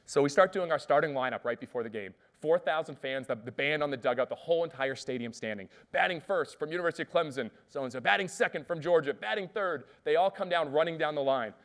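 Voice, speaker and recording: A man delivering a lively keynote, racing through stories at a brisk clip. His voice sits a little high for a man, and he keeps turning to the audience with questions. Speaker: keynote speaker. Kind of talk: energetic storytelling keynote speech.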